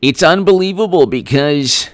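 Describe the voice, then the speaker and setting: A man's voice: a little high, normal speed. A man hosting a live-stream political commentary, talking in a sarcastic, rambling, mocking way.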